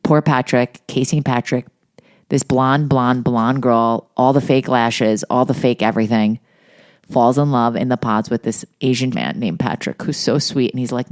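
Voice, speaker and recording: A woman's voice: rumbling low, moderate pace. A middle-aged woman co-hosting a podcast, telling gossipy, profane stories in casual chat. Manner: gossipy, profane, animated storytelling. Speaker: podcast co-host.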